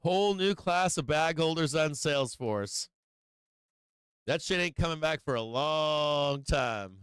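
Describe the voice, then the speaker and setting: A man's voice: on the high side, animated, a little slow, fairly bright tone, clean tone, no room sound. Man, livestream market host, brash and profane, clean dry close sound. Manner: brash, profane, whooping and laughing. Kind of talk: casual livestream market commentary.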